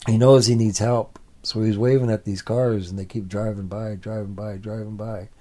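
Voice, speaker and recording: A man's voice: fairly low pitch, steady tone, moderate pace, mellow. A man telling a family story aloud in a plain, repetitive storytelling way. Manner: repetitive, building phrases. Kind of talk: oral storytelling.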